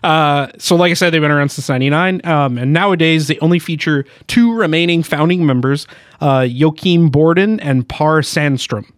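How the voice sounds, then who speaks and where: A man's voice: a little high, moderate pace, no echo, studio quality. A man co-hosting a podcast in casual chat, eager and talkative, laughing often. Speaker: podcast co-host.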